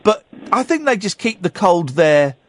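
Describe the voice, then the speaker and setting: A man hosting a late-night talk radio show, bantering in a jokey, deadpan way at a studio mic. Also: sits high, measured pace. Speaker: radio host. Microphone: studio microphone.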